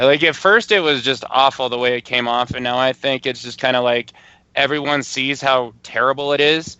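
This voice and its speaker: A man's voice: medium pitch, a little fast, sharp tone, clear, resonant tone, no echo. A man co-hosting a casual wrestling podcast, dry and dismissive as he talks. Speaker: podcast co-host. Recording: dry dull lo-fi audio.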